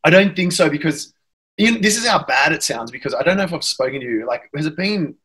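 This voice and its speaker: Australian man with a husky voice. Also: on the high side, lively intonation, fast talker, a bit bright, rough recording. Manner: rambling, self-deprecating. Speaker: guest actor. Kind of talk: casual chat.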